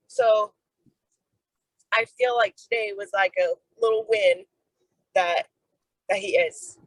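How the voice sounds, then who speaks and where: A woman's voice: a little high, slow, gravelly, pauses often, no room sound, low-quality recording. A middle-aged woman on a video call, casually telling a personal story, acting out the dialogue and saying "like" a lot. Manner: animated storyteller who acts out quoted dialogue; fillers like "like". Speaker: program member sharing a story.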